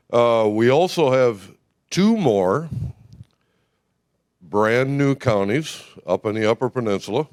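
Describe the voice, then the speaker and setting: A man giving an informal, brisk and folksy talk at a party convention, full of fillers, speaking without a microphone. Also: mid-range voice, animated, a little mellow, no echo, studio quality.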